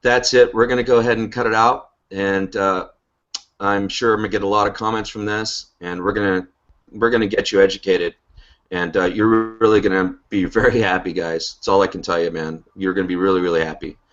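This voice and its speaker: A man with a somewhat low voice delivers a motivational pitch as host of an online team call. He drives his points home emphatically and keeps tagging his lines with "okay?" and "right?". The sound is dull and lo-fi, like web call audio. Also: little pitch movement, a little fast, a bit bright. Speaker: host of a business update call. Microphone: online video call.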